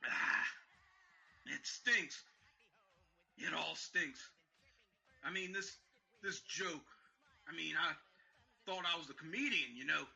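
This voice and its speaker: A man's voice: on the high side, expressive, takes it slowly, vocal fry, pauses often, sharp tone, husky, lo-fi sound, heavily acted. A man playing a drunk, weeping aging male vigilante who rambles and stammers in a fan audio drama. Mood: grieving. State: crying.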